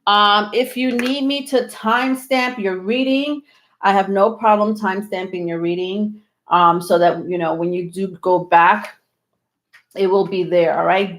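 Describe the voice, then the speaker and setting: A woman hosting a live tarot stream, talking to viewers in a rambling, reassuring way with many ums. She sounds a little out of breath. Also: on the low side. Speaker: tarot reader hosting a livestream. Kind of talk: live tarot reading, casual chat to viewers.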